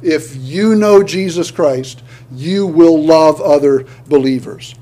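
A man's voice: on the high side, slow pace, few pauses, mellow. A male pastor preaching a sermon, earnest, often restarting words and building to emphatic points.

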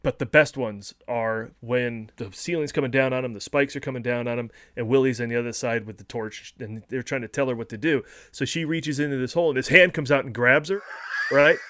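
A man hosting a podcast, chatting casually about a film in an animated way and acting out quotes. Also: mid-range voice, brisk, dry recording. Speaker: podcast host.

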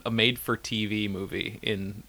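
A man with a lowish voice that has a gravelly rasp and a bright, forward edge. He chats casually as a podcast co-host, laid-back and a little hesitant, laughing often. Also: little pitch movement, unhurried. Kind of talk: casual chat.

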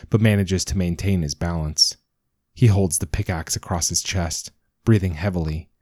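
A man reading a dramatic story as narrator, in a measured storytelling manner. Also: low voice, darkish tone, no room sound, clean studio sound. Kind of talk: scripted narration.

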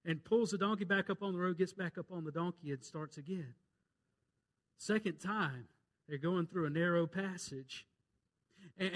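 High-voiced Mississippi preacher telling a Bible story. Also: male voice, a bit bright. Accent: Southern US, Mississippi. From Mississippi, USA. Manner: folksy storytelling with dramatic swings in volume. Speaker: pastor. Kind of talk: sermon.

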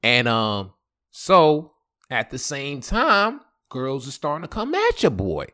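A man telling a personal story on his podcast, casual and animated, acting out the other people in it. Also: medium pitch, takes it slowly. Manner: animated, acts out quoted voices, laughs often. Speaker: podcast host.

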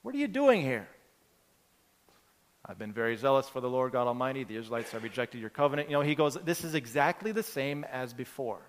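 A man preaches a sermon in an earnest, conversational manner, restarting phrases as he works through everyday examples. His voice sits at an ordinary middle pitch. The recording carries the long reverb of a large church hall. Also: fast, hardly any pauses. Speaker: pastor.

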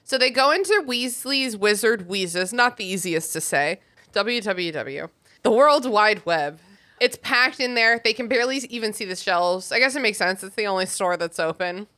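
A woman's voice: a little high, moderate pace, few pauses. A woman co-hosting a podcast, chatting casually about a book and laughing often. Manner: giggly, chatty and animated. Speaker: podcast co-host. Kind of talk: casual book discussion chat.

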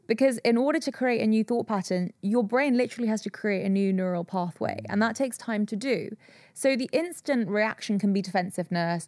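A woman's voice: mid-range voice, darkish tone, no room sound. Earnest British woman, dry close sound. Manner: earnest, reflective, slows down to stress points. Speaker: yoga teacher. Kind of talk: casual podcast conversation.

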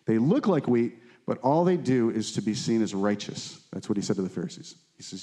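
A man preaching a sermon, animated and shifting between excited exclamations and low earnest asides, and putting questions straight to his listeners. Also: fairly quick. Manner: asks the listeners direct questions. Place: church meeting room.

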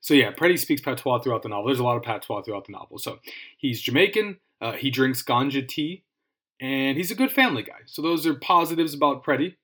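A man's voice: medium pitch, animated, quick pace, fairly bright tone, husky. A man with an Irish accent hosting a podcast, reviewing a book in a casual, rambling, self-deprecating way with frequent restarts. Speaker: podcast host.

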